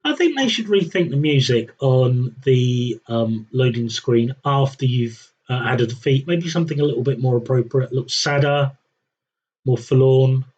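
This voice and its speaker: A man's voice: mid-range voice, animated, moderate pace, a little mellow, slightly rough, lo-fi sound. A man streaming a strategy game, talking to himself in a wry, rambling, self-mocking way. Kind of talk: rambling live-stream commentary.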